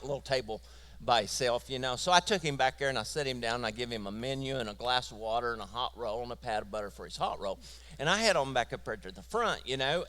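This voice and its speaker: A middle-aged man with a Southern US accent, telling stand-up jokes in a folksy way and landing his punchlines deadpan. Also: medium pitch. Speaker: comedian.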